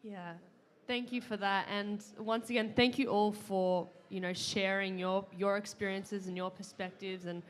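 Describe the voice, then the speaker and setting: A woman's voice: mid-range voice, level tone, unhurried. A young woman giving heartfelt closing remarks as a panel moderator, with many fillers and restarts. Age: young adult. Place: conference pavilion at a climate summit.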